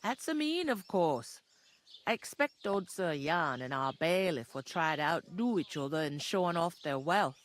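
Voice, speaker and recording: A woman's voice: on the low side, very animated, moderate pace. A woman voicing a chatty, earthy village tavern keeper in a game, talking in a folksy, gossipy way. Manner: gossipy, homely, folksy talk.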